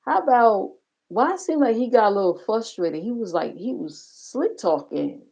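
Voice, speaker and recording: A woman's voice: fairly high pitch, lively intonation, normal speed, gravelly, a little mellow. A woman hosting a livestream reaction channel, talking bluntly and profanely in casual commentary. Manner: blunt, profane, gossipy, talks straight to viewers.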